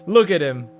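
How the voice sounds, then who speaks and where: A man casually commenting over a video game playthrough, chatty and joking with quick asides. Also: on the high side. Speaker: gaming YouTuber. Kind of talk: let's play commentary.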